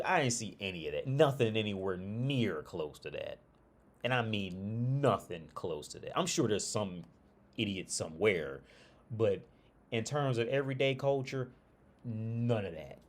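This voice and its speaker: Deep-voiced casual guy. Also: lively intonation, unhurried. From Ohio. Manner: rambling, profane, loose restarts. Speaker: streamer. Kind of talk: casual livestream chat.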